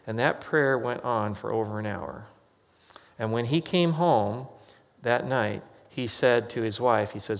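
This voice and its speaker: Male pastor, conversational sermon storyteller, middle pitch, recorded in a reverberant church hall. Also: a little slow, vocal fry. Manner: conversational storytelling with quoted voices.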